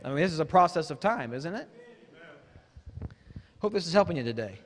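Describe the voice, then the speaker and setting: A man preaches a sermon in a fairly high voice. He mixes loose, chatty asides with sudden emphatic shouts. His voice rings out with a long reverb across a church hall. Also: lively intonation, fairly quick. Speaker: guest preacher.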